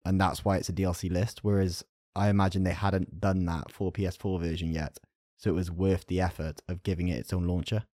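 A man hosting a gaming podcast, with a very deep and mellow voice. He speaks in a friendly way and hedges his theories. The recording is close and dry. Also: flat delivery, fairly quick, no room sound. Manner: chummy, hedging speculation. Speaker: podcast host. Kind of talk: casual gaming podcast chat.

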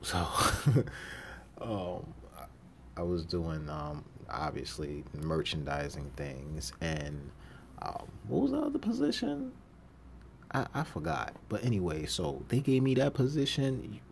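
A man with a low, deep voice hosts a podcast in a loose, casual monologue about his old jobs. He acts out the people he quotes in lively voices and laughs often. Faint noise hangs behind him. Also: normal speed, gravelly. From New York City. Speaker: podcast host.

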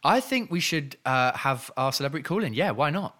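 A man's voice: a little high, sing-song, brisk. A man co-hosting a comedy podcast, dry and hesitant with stammered restarts. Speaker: podcast co-host. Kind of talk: casual comedy banter.

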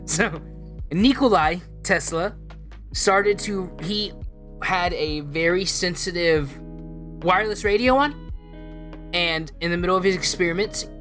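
A man's voice: high-pitched, unhurried, pauses often, fairly bright tone, faint music behind. A man hosting a casual podcast, chatting and laughing often between his lines. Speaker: podcast host. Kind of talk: casual chat.

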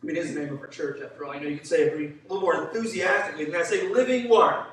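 Man, pastor, energetic sermon, acts out voices, reverberant church hall. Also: fairly high pitch, racing. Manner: energetic, calls for congregation responses; acts out voices of biblical figures. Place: church sanctuary. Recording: very echoey hall, voice from far off.

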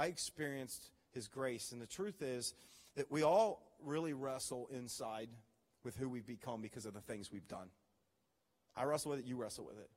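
A man preaching a sermon as pastor, telling stories with animated, acted-out reactions. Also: mid-range voice, in a large hall. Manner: animated storytelling, acts out his own reactions.

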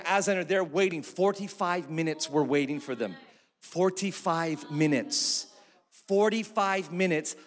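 A man in his thirties or forties preaching with a high-pitched voice, telling a family story with animated, self-mocking humor. His voice carries a long echo from a large church hall. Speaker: pastor. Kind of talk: sermon with a personal story.

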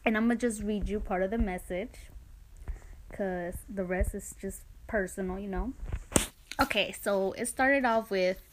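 A woman's voice: mid-range voice, measured pace, a little hiss or hum. An eighteen-year-old woman hosting a podcast, talking casually in a chatty, sarcastic way. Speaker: podcast host.

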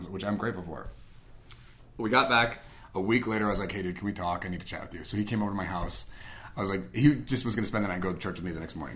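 A young man telling a personal story in a casual way, animated, acting out both sides of old conversations with many fillers. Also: lowish voice.

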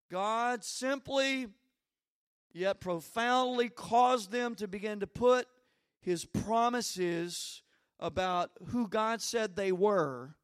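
A male pastor preaching a sermon, telling stories and building to shouted climaxes. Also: high-pitched.

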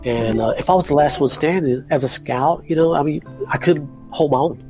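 Guy, gravelly voice, chill podcast guest, faint music behind. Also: on the high side, a little fast, dark tone. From Texas. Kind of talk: casual gaming podcast chat.

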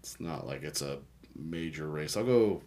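A man's voice: very deep voice, lively intonation, moderate pace, background noise. A man co-hosting a casual beer review podcast, rambling, joking and reading can labels aloud. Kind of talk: casual chat.

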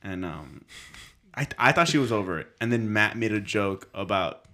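A man co-hosts a podcast, swapping stories in casual conversation full of laughter and swearing. He's an animated storyteller who laughs often and cusses with gusto, speaking at a normal speed in a fairly low voice.

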